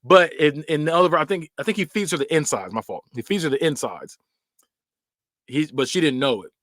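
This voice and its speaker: A man's voice: on the high side, lively intonation, a little fast, fairly bright tone, no room sound, clean studio sound. A man hosting a podcast, casually recapping and ranking film scenes in loose, slangy storytelling. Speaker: podcast host.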